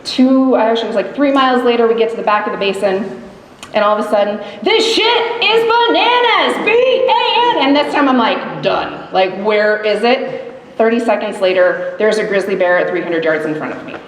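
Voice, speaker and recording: A middle-aged woman telling a live story on stage, lively and animated, acting out the quotes. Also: mid-range voice, fairly quick, slight background noise. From grew up in grizzly bear country. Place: live event hall. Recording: echoey hall recording, faint ambience.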